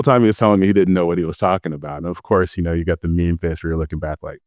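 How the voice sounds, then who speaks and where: A man's voice: low-pitched, fairly even intonation, very fast, hardly any pauses, darkish tone, no echo, studio quality. A middle-aged man, a podcast guest, telling anecdotes from a long law-enforcement career in a self-assured way. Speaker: guest, former FBI agent. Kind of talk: casual storytelling.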